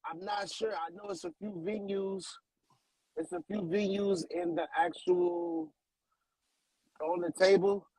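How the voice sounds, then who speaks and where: A man's voice: high-pitched, lively intonation, a little slow, gravelly, darkish tone, husky, no room sound, poor audio. A man, a guest artist on a radio show, talking in a laid-back, slangy way and often repeating himself. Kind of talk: casual radio interview chat.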